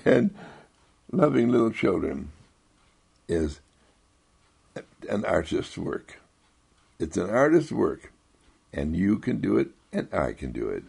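A man giving a gentle inspirational monologue, soft-spoken and rambling, repeating himself and chuckling often. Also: sing-song, slow, creaky, pauses often, breathy edge. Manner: swoops high when quoting others.

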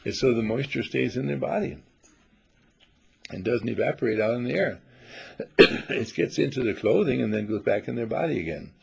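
Speaking in a creaky mid-range voice at a moderate pace, a man leads an informal spiritual talk for a group at a monastery. His teaching wanders and questions, often slipping into acted-out quoted voices.

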